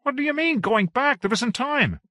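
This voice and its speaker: In an audiobook reading, a man voices a frantic young officer whose voice jumps up high and strains as he pleads. The sound is bright and sharp, in a dry, close room. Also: lively intonation, moderate pace, no room sound, full character voice. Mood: alarmed.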